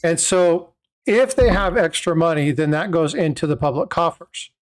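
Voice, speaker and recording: A man with a fairly high speaking voice hosts a casual livestream. He explains at length in loose, rambling sentences full of filler sounds and restarts. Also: normal speed. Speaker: host of a coin livestream.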